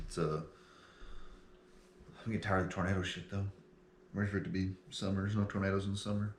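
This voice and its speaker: Young man, low voice, laughs a lot, casual swearing, echoey room. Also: steady tone, quick pace, long pauses, slight background noise. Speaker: podcast co-host. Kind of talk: casual chat.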